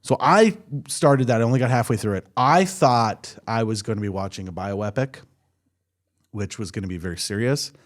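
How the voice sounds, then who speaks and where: A man co-hosting a podcast in casual chat, animated, cursing freely and often restarting his sentences. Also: fairly low pitch, moderate pace. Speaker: podcast co-host.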